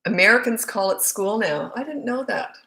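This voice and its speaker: A woman's voice: mid-range voice, lively intonation, normal speed, gravelly, pushed and bright. A woman, a parenting coach, chatting bluntly as she reads out viewer comments and answers them. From Australia. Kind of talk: casual live Q&A chat. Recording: roomy echo.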